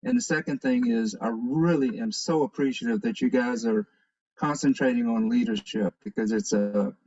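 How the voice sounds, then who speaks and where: Louisiana guy on a video call, kinda husky, muffled lo-fi sound. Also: mid-range voice, normal speed, darkish tone. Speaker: guest. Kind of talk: casual remarks on a video call. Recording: dull, lo-fi call audio.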